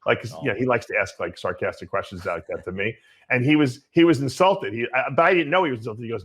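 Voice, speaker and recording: An older man hosting a bodybuilding Q&A show, answering in a blunt, animated, storytelling way with some swearing. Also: mid-range voice, quick pace. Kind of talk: casual Q&A answer.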